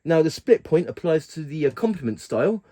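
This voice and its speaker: A man giving a casual keyboard tutorial, talking haltingly and often stopping to correct himself. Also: a little high, very animated. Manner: halting, stops to correct himself mid-sentence. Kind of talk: casual demonstration walkthrough. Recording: loud keyboard music over the voice. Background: keyboard sounds being demonstrated.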